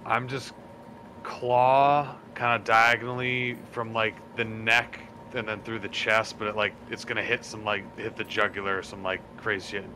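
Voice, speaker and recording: A man's voice: on the low side, flat delivery, normal speed, bright, forceful tone, a little hiss or hum. A man playing in a tabletop game, talking in a loose, laid-back way. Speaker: player. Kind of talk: casual tabletop game play.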